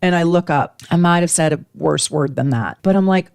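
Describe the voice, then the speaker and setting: A woman astrologer telling a personal story to her viewers with animated emotion. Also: lowish voice, moderate pace, hardly any pauses, clean tone, no room sound, clean studio sound. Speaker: astrologer and tarot reader. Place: home, lives in Washington State.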